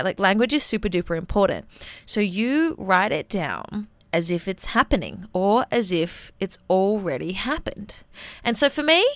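A woman in her late twenties talks through her own podcast in a chatty, gushing way. Her voice sits in a middle pitch. The sound is close and dry. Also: fairly bright tone, dry recording. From Australia. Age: late 20s. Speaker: podcast host. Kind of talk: casual solo podcast talk with journal reading.

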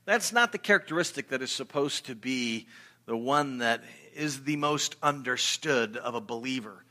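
Bright, forceful male preacher. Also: mid-range voice, moderate pace. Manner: earnest, emphatic preaching with repeated words. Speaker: pastor. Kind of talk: sermon.

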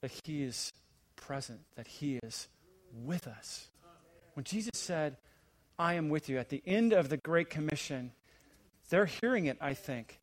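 A middle-aged man preaching a sermon with a fairly high voice. He climbs into emphatic, rising questions, then falls to near-whispered, hushed lines. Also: lively intonation, measured pace, pauses often. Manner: swings between rising, emphatic preaching and hushed, low asides. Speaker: visiting senior pastor.

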